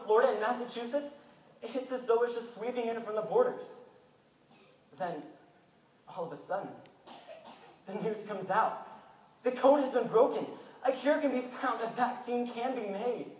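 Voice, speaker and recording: A young man performing a dramatic monologue on stage, intense, dropping to hushed tones and rising to urgent ones. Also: high-pitched. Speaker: student performer. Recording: echoey hall, mic far off, faint room hum.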